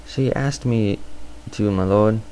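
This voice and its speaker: A man's voice: lowish voice, slow, dark tone, a little hiss or hum, low-quality recording. A man reading aloud and voicing a timid butcher's boy who answers meekly and fearfully. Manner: meek, fearful. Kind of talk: amateur audiobook reading with voices.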